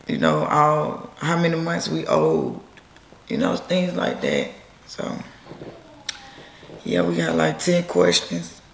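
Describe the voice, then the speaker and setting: A woman with a hoarse, nearly lost voice, chatting casually and rambling as a vlog co-host. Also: low-pitched, very animated, takes it slowly, pauses often, a little hiss or hum. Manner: chatty, rambling, laughs often. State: hoarse, losing her voice. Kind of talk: casual chat. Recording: echoey room.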